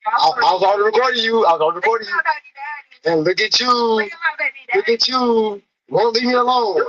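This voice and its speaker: A man's voice: high voice, expressive, fairly quick, a bit bright, highs cut off. A man in a casual video clip, teasing and rambling and repeating phrases.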